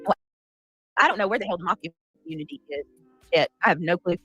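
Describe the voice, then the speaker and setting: A woman's voice: on the low side, expressive, quick pace, bright, forceful tone, breathy edge, no echo, lo-fi sound, soft background music. A woman hosting a casual livestream, chatting and thanking her viewers by name. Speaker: livestream host.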